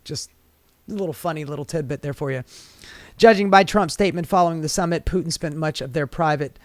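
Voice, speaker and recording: A man's voice: on the high side, brisk, dry recording. A man giving sarcastic, profane political commentary. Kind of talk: commentary video.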